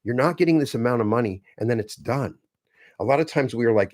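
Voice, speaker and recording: A man giving an earnest motivational teaching talk, slow and emphatic, repeating key phrases for stress. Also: mid-range voice, animated, darkish tone, no echo, clean studio sound. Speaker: self-help teacher.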